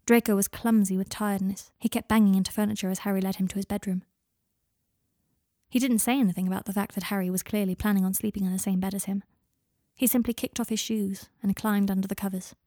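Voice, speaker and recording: A woman reads a story aloud with an even, intimate manner. Her voice sits at a middle pitch and the recording is close and dry, with no room sound. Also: brisk, dry recording. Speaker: narrator. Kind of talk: audiobook fan fiction reading.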